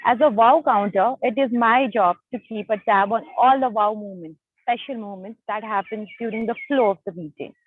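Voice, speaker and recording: A woman explaining her role at a speaking club meeting in a bright, formal way. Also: a little high, normal speed, slight background noise. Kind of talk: brief role report. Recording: tinny phone-like line.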